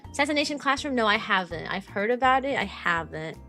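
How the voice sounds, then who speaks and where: A woman's voice: fairly high pitch, quick pace, soft background music. A young woman streaming as a VTuber, chatting casually and rambling with lots of "like". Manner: rambling, lots of "like", bubbly and animated. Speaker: VTuber streamer and kindergarten teacher. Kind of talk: casual stream chat answering viewers.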